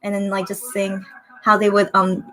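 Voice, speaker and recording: A woman's voice: medium pitch, monotone, moderate pace, a bit bright. A young woman hosting a casual livestream, chatting emotionally and reading viewer comments aloud. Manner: gushing, emotional, chatty, reads out chat comments. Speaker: livestream host reacting with fans. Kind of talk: casual watch-party livestream.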